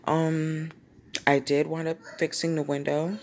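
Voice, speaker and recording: A woman vlogger recounts a story with lively, slangy flair and acts out what people said. Her voice sits deep with a gravelly edge. A faint hiss lies underneath. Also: unhurried. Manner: animated, slangy storytelling with acted-out quotes. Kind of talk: storytime vlog.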